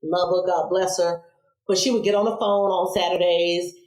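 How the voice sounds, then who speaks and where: A woman in her forties, a podcast guest, telling childhood stories in a casual interview, animated, laughing and acting out voices. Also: lowish voice, normal speed. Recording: roomy echo.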